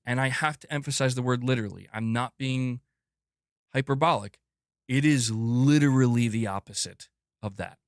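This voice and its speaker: A man hosting a gaming news livestream, ranting emphatically with lots of swearing, swinging from loud bursts to muttered asides. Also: mid-range voice, no room sound, studio quality. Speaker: gaming news channel host. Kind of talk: livestream commentary rant.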